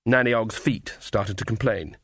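A man's voice: on the low side, steady tone, normal speed, fairly bright tone, dry recording. A man narrating an audiobook in a wry, dry manner. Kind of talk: scripted narration.

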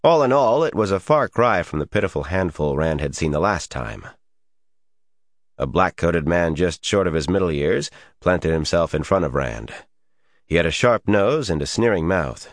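Deep-voiced man narrating an audiobook. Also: normal speed, no echo, studio quality. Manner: expressive storytelling.

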